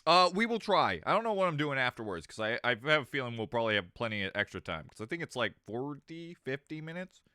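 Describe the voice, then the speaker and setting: Lively, bright-voiced male streamer. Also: mid-range voice, quick pace, hardly any pauses, clear, resonant tone, no echo, studio quality. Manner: animated, swears freely, laughs a lot. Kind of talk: casual livestream chat.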